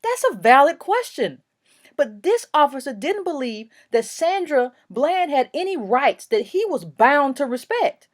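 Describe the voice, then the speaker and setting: A woman with a fairly high voice delivers opinion commentary for her own vlog. She speaks emphatically and with indignation, stumbling into fillers and restarts as she pushes her point. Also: sing-song, measured pace.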